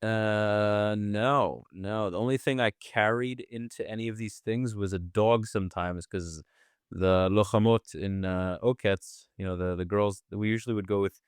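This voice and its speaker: A man's voice: on the low side, fairly even intonation, unhurried, clear, resonant tone, no echo, clean studio sound. A man from the United States, a podcast guest and former soldier, recalling his service thoughtfully in casual conversation.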